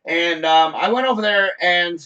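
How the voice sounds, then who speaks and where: Male host, high bright voice, loose rambling anecdote with cursing. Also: normal speed, smooth, highs cut off. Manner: rambling, animated, swears freely. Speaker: show host. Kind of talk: casual storytelling on a live show.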